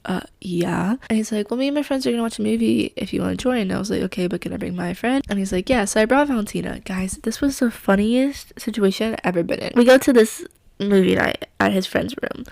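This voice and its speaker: A young woman rattles through her story quickly, her voice gravelly with fry. She is chatty and full of fillers, acting out what everyone said. The sound is close and dry. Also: mid-range voice, darkish tone, dry recording. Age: young adult. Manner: chatty, lots of fillers, acts out quotes. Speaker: vlogger. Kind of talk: casual storytelling.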